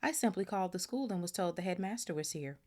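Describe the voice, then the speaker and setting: Lady doing a snooty cold wizard aristocrat, sneers in a breathy half whisper. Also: fairly low pitch, animated, fast, mellow, voice pushed up. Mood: sneering.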